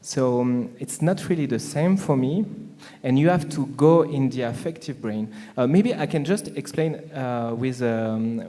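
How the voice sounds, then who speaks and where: French-accented male panelist, mellow tone, hesitant, conference hall echo. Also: medium pitch. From France. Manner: halting, many fillers and restarts. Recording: long hall reverb.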